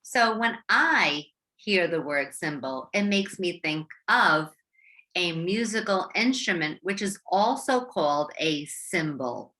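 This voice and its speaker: A woman teacher with an American accent giving a slow, encouraging phonics lesson to young students, stretching out sounds and syllables. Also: fairly low pitch, animated, pushed and bright. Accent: American English. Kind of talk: slow, clear classroom instruction for young learners.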